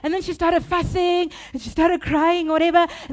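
A woman pastor preaching a sermon, telling a confessional story in an animated, laughing way. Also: extremely high pitch, normal speed, hardly any pauses.

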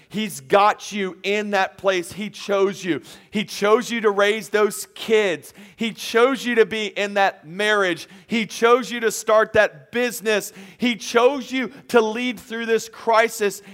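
High-voiced preaching man. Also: steady tone, slow, hardly any pauses, a bit bright. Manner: emphatic preaching with repeated lines and acted-out quotes. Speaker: pastor. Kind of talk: sermon. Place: empty auditorium.

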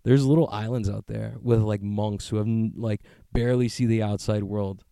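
A man's voice: fairly low pitch, fairly even intonation, normal speed, gravelly, dark tone, clear, resonant tone, no room sound. A man hosting a podcast from the street, rambling and joking in a profane, casual way, often working himself up into a rant. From United States. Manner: rambling, profane, joking, gets worked up into ranting. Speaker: podcast host. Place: outdoors on a street.

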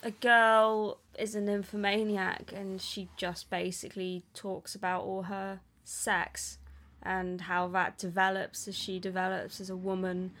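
Chatty, animated woman podcast host. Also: mid-range voice, a little slow. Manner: chatty and animated, frequent "like" and laughs. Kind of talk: casual film review chat.

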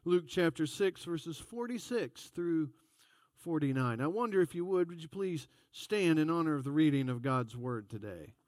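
Folksy preacher, higher voice. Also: male voice, animated, normal speed, darkish tone, dry recording, clean studio sound. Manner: folksy, conversational storytelling. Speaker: pastor. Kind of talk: sermon.

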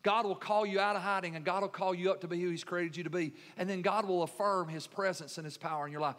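A man preaching a sermon, building emphasis and then dropping into soft, tender lines. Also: sits high, steady tone, fast talker, hardly any pauses, in a large hall. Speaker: pastor.

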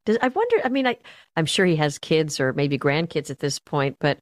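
A woman's voice: low-pitched, sing-song, a little fast, no echo, studio quality. A woman in her forties chatting casually on a podcast, rambling with asides.

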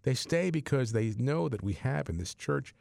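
Gravelly, excitable male radio host. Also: medium pitch, normal speed, no room sound, studio quality. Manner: earnest and excitable, with many restarts. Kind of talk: on-air fundraising appeal.

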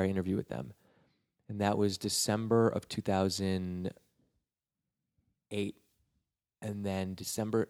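A man from New York tells his story in a loose, rambling way, restarting his sentences and acting out what people said. His voice sits fairly low. It is recorded close and dry, with no room sound. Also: darkish tone, no room sound. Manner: rambling, with many restarts, and acts out the quotes. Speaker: guest telling his career story. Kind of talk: casual storytelling.

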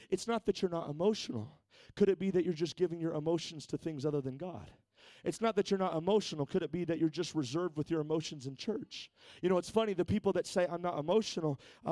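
High-voiced preacher, dry sound. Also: male voice, mellow, dry recording. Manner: repeats words, builds from conversational to fervent exhortation. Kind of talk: Pentecostal sermon. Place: church sanctuary.

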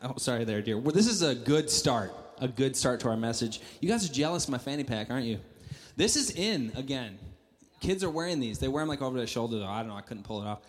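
A man's voice: medium pitch, lively intonation, quick pace. A young man with a Southern US accent, a youth pastor preaching a sermon, chatty and joking with the congregation. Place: large church hall. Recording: echoey hall, mic at a distance.

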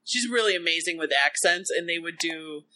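A woman's voice: on the low side, bright, forceful tone. A woman in casual chat who laughs easily and likes to explain things. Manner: chatty, laughs often, quick to explain.

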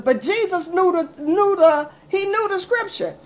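A woman's voice: very high-pitched, measured pace, few pauses. A woman pastor preaching a radio sermon with fervent repetition, reading scripture aloud in old-fashioned wording. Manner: fervent preaching, reads scripture in King James wording, repeats phrases.

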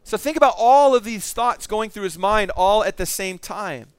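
A man's voice: high-pitched, expressive, moderate pace, clean tone, dry recording. A middle-aged male pastor preaching a sermon, telling the story with animation and acting out the voices in it.

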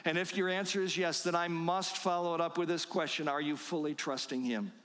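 A man preaching a sermon, slow and emphatic, asking his listeners rhetorical questions. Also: fairly high pitch, fairly even intonation, fairly bright tone, long reverb tail. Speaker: pastor.

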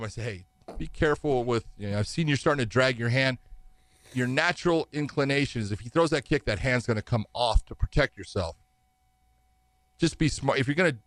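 Here a fight referee is the interview guest, rambling through lengthy stories with frequent laughter and acted-out quotes from other people. The voice is medium-pitched and a bit bright, recorded with no room sound.

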